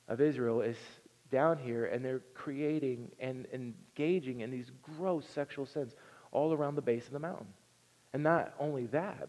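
Earnest preacher in a reverberant sanctuary. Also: male voice, fairly high pitch. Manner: earnest storytelling, swings from loud to hushed. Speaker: pastor. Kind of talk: sermon. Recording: long reverb in a large hall.

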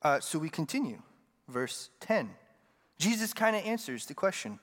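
A man's voice: a little high, very animated, normal speed, fairly bright tone. A man delivers a sermon in a slightly raised voice, speaking loosely and conversationally with humorous asides. His voice rings out with a long reverb through a church sanctuary. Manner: conversational, with joking asides to the congregation. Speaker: preacher.

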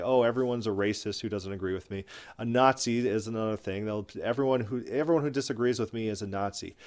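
A man's voice: fairly low pitch, a little mellow. A man delivering combative, scornful commentary, often repeating words as he rants. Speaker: commentary video host. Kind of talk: opinionated commentary.

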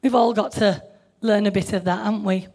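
A woman's voice: medium pitch, steady tone, brisk, a little mellow. An older woman preaching an informal sermon, chatty, laughing often and putting questions to her listeners.

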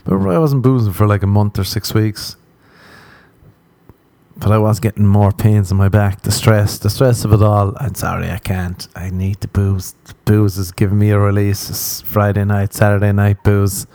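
Low, mellow-voiced man rambling crudely. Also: little pitch movement, moderate pace, no echo. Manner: crude, rambling storytelling with acted-out quotes. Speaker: podcast host. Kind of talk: casual comic monologue.

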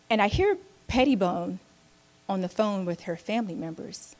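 A woman from Oakland tells a personal story to an audience, candid and wry. She pokes fun at herself with quick asides and laughs through her words. Her voice sits slightly higher than most women's. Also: animated. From Oakland, United States.

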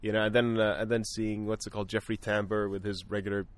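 A man's voice: on the low side, little pitch movement, quick pace, no echo. A man talking through his thoughts on films in a casual discussion, thoughtful and full of fillers and restarts. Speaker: film podcast guest.

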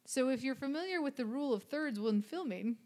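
A woman's voice: high-pitched, expressive, a little fast, mellow. Chatty, sarcastic woman co-host. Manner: chatty and sarcastic, breaks into singing. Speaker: podcast co-host. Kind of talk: casual chat.

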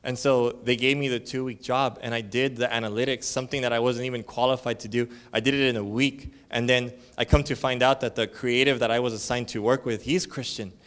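A man's voice: mid-range voice, steady tone, fairly quick, hardly any pauses, fairly bright tone. A male church elder giving a conference sermon, telling stories in a casual, slangy way and acting out the people in them. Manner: casual storytelling with slang and fillers; acts out dialogue with shifting voices.

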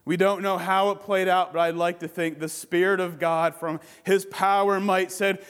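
A man preaching from the pulpit, his voice sitting high and unhurried. His lines build to emphatic peaks, then sink to soft, hushed endings. The sound rings with the long echo of a church sanctuary. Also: steady tone. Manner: closing in slow, quiet prayer. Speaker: pastor. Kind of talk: sermon.

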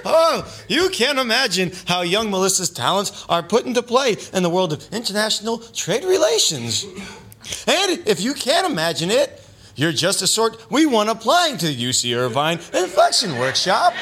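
A man's voice: sits high, huge pitch swings, normal speed, fairly bright tone, slightly rough. A man doing a mock commercial as a spoof ad announcer, chipper and salesy.

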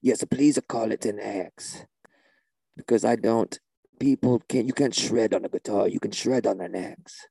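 A man doing a gravelly deadpan shaman. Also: on the low side, measured pace, no echo, full character voice. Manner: deadpan, drawling, mystical non sequiturs. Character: spaced-out deadpan male shaman guitarist.

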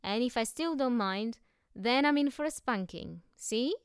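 A woman voicing a bold, boastful young girl who tells tall tales, loud and cheerful. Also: fairly high pitch, animated, a little slow, clean tone, dry recording, clean studio sound, pitched above the performer's own voice.

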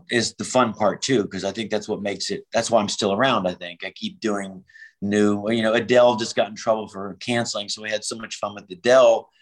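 A man's voice: fairly low pitch, low-quality recording. A man in his fifties, a comedian telling road stories in a casual interview, acting out the voices he quotes and swearing freely. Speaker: prop comedian, guest.

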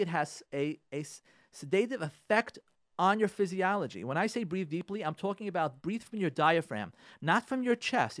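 Animated high-voiced male radio host. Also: no room sound, studio quality. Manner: emphatic, repetitive, lecturing. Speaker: radio host giving marriage advice. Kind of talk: radio advice talk. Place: radio studio.

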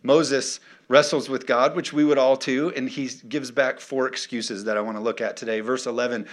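A man's voice: mid-range voice, steady tone, brisk, hardly any pauses. A male pastor preaching an emphatic sermon, often calling for the congregation's response.

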